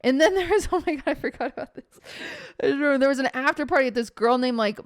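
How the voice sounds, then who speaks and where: A young woman streamer telling a story casually, animated, acting out quotes and swearing often. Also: high voice, rapid-fire, no echo, studio quality.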